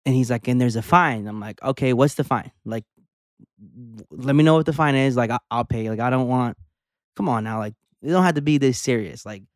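A young adult man co-hosting a podcast, telling a story in a casual, animated way, acting out the dialogue and swearing. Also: medium pitch, fairly quick, no echo, clean studio sound. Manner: animated storyteller, acts out dialogue, curses, says "like" a lot. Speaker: podcast co-host.

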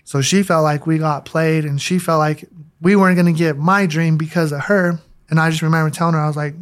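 A man's voice: on the high side, steady tone, fairly quick. A man from Denver, a guest on an interview show, telling his recovery story in a candid, slangy way. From Denver, USA. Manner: slangy and candid, acts out quoted voices.

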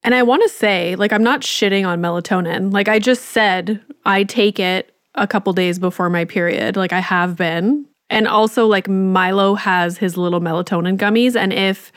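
A woman's voice: medium pitch, steady tone, moderate pace, few pauses, no room sound, studio quality. A woman in her thirties hosting a podcast, telling a casual story with frank swearing and lots of "like". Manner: candid, swears freely, lots of "like". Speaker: podcast host.

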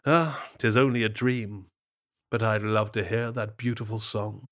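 A man voicing a sly, dapper male fox who flatters with theatrical, mock-genuine praise. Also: on the low side, a little slow. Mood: flattering.

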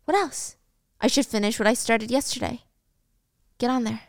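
A woman's voice: a little high, normal speed, gravelly, no echo, clean studio sound. A woman voicing a volatile young male student villain who swears and taunts in a story recap. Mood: taunting.

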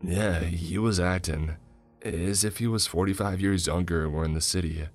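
A man doing a gruff, sleepy neighbor. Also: sits low, steady tone, normal speed, faint music behind. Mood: puzzled. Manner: gruff, half-asleep grumbling. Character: groggy, grumbling male neighbor woken at night. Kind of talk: scripted narration.

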